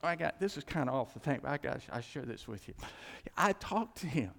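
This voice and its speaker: A man preaching a casual, animated sermon, full of asides and acted-out dialogue. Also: mid-range voice, brisk, gravelly. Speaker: pastor. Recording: church hall with long reverb.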